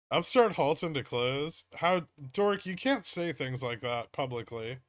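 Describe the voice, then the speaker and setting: A man's voice: on the high side, lively intonation, a little slow, no echo. A man hosting a livestream, casually commenting on trades as he reacts to the charts and swears now and then. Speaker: livestream host trading stocks.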